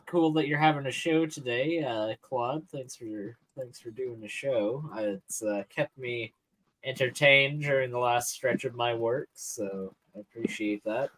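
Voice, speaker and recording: A man's voice: medium pitch, a little slow, fairly bright tone, a little hiss or hum, low-quality recording. A man from Canada chatting casually as a guest on a live stream, telling a long story in a rambling way. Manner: rambling storyteller, restarts and fillers. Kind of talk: casual chat.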